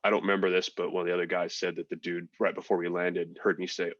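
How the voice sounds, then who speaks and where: A man with a very low voice talks through his story in a frank, easygoing way, tossing in fillers and swear words. The sound is dry and a little dull, like a lo-fi recording. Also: level tone, fast, a bit bright, no echo. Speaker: podcast guest, military veteran. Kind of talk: casual storytelling.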